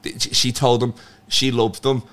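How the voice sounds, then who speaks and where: A man's voice: mid-range voice, flat delivery, moderate pace, fairly bright tone. A man, a comedian guest on a podcast, telling a rambling, profane anecdote with lots of restarts. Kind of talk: casual podcast storytelling.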